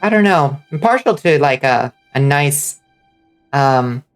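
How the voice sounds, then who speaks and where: A woman's voice: sits low, animated, slow, smooth, soft background music. A woman streaming a video game, chatting casually with viewers and swearing freely. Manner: chatty, profane, reacting to chat. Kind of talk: casual gaming commentary.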